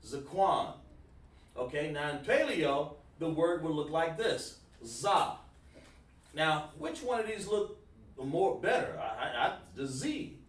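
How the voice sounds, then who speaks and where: A man's voice: a little high, very animated, slow, echoey room, recorded from a distance. A man teaching a Hebrew class online, casual and repetitive, calling students by name. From South Carolina, USA. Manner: informal, repeats words, talks to students by name.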